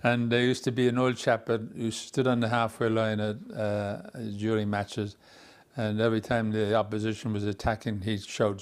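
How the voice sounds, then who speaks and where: A man's voice: fairly low pitch, little pitch movement, clean tone. An older man with an Irish accent, a former footballer fondly telling stories in an interview. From Ireland. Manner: fond, unhurried storytelling with soft laughs. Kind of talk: reminiscing interview.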